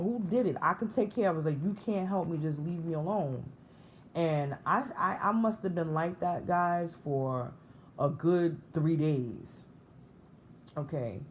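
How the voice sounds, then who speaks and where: This woman has a very deep, darkish voice. She's in her thirties, recounting her spiritual awakening in a to-camera vlog with earnest emotion, and she often repeats herself or starts over. Slight background noise is present.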